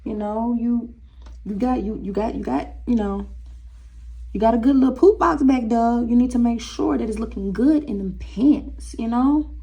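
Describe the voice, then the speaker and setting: A woman's voice: on the high side, normal speed, vocal fry, dark tone. A young woman giving a casual tarot reading, talking straight to viewers in a sassy, teasing way. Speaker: tarot reader.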